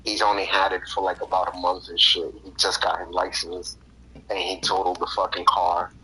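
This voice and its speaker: A man hosting a podcast tells anecdotes in a relaxed chat, full of slang and swearing and frequent laughter. His deep voice is flat in delivery yet bright and forceful, fairly quick and a bit breathy, with a noisy background behind him.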